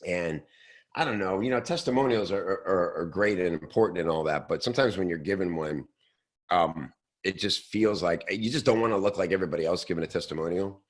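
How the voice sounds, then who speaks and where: A man hosting a show, talking casually and loosely with many fillers and restarts, now and then slipping into quick mock voices. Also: low-pitched. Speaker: host. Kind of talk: casual podcast talk.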